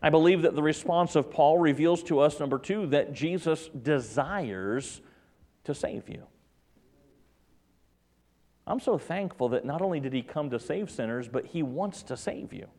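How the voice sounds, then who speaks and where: A man preaching a sermon as pastor, swinging between loud emphatic peaks and hushed, tender drops. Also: fairly high pitch, animated, normal speed, few pauses. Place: church.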